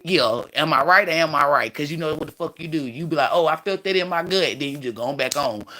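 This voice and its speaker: Brief: male streamer, bright edgy tone, profane and preachy rambling, slightly high voice. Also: fairly quick. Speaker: livestream host. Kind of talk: spiritual livestream talk.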